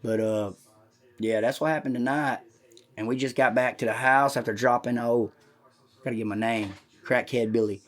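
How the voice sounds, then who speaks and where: A man telling a rambling, profane story on a comedy podcast. He talks loudly and swears constantly. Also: medium pitch, steady tone, moderate pace. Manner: talks loud. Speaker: podcast host.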